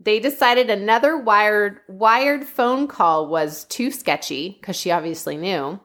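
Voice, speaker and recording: A woman's voice: mid-range voice, measured pace, a bit bright. Chatty woman telling a true-crime story. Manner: chatty, laughs often, "like" fillers. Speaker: podcast host.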